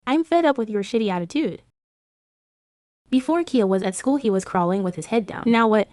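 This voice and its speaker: A woman narrating a manhwa recap voice-over, reading every character's lines in one steady voice. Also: mid-range voice, brisk, no echo, clean studio sound.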